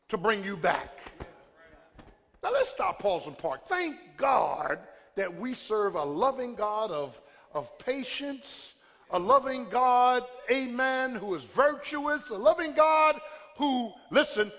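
A man preaching a sermon in call-and-response style, repeating lines rhythmically and building to shouts. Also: extremely high pitch, big pitch swings, measured pace, some chatter behind. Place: church sanctuary. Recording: long hall reverb with congregation.

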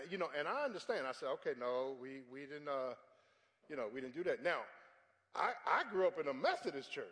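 Man preaching, high voice, lively swings, sudden shouts, long church reverb. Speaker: pastor. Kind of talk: sermon. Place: large church sanctuary.

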